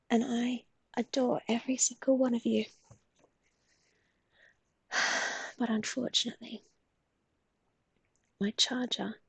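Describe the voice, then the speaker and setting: A woman's voice: fairly high pitch, vocal fry, slightly rough, no room sound. A young adult woman with an Australian accent, chatting casually and affectionately on a live stream, swearing now and then and often dropping to a half-whisper.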